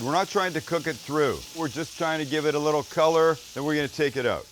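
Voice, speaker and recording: A cooking show host with a fairly high voice talks fairly quickly with few pauses, over food sizzling in a pan and a little hiss or hum. He's chatty and jokey during a casual demonstration, talking to his crew and to himself and swearing now and then.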